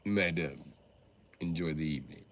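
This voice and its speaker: A man voicing a posh, stuffy English gentleman in a mock-formal, lowered voice. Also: moderate pace.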